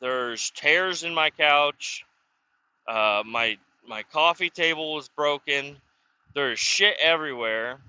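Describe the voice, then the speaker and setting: A man's voice: fairly high pitch, slow, pushed and bright, highs cut off, a little hiss or hum. A man telling a personal story in a casual, rambling way, swearing often, restarting sentences and acting out both sides of conversations. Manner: profane, rambling, full of restarts and acted dialogue. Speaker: vlogger telling stories. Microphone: self-recorded camera or phone mic.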